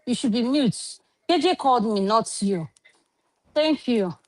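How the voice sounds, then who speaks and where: A woman's voice: fairly high pitch, expressive, a little slow, low-quality recording. A Nigerian woman moderator on an online panel, chatty and assertive. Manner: assertive and chatty, pleading then scolding.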